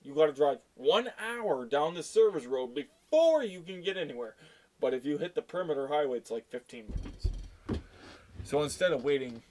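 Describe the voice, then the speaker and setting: A man's voice: mid-range voice, noisy background. A middle-aged man from Canada, a tow truck driver, telling a story in a blunt, profane and exasperated way. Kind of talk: casual storytelling rant.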